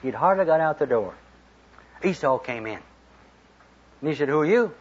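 Folksy male preacher, husky voice, on a dull lo-fi tape. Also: mid-range voice, moderate pace. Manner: folksy, retells scripture in plain talk with lively quoted voices. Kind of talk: storytelling sermon. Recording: dull lo-fi recording.

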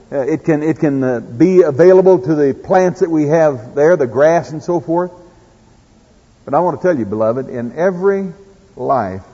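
Folksy Oklahoma preacher in an echoey hall. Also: male voice, a little high, dark tone, breathy edge. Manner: folksy, preaches with farm stories and scripture. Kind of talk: sermon. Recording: echoey hall, dull lo-fi sound.

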